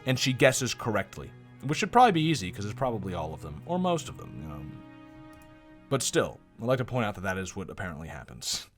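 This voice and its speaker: A man's voice: lowish voice, huge pitch swings, fast talker, faint music behind. A man streaming a visual novel, making laid-back, profane asides between reading lines. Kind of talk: casual gameplay commentary.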